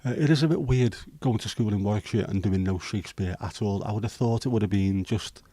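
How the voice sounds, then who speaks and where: A man's voice: lowish voice, brisk, dark tone, dry recording. A man with a Liverpool accent hosting a casual livestream, chatting through viewer comments with rambling, hesitant banter and the odd swear. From Liverpool, England. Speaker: livestream host.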